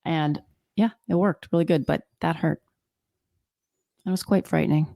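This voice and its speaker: A woman with a lower voice co-hosts a casual podcast, telling lively stories and guessing at diagnoses. Her sound is close and dry, with no room around it. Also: normal speed, gravelly, no room sound. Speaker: podcast co-host, physician.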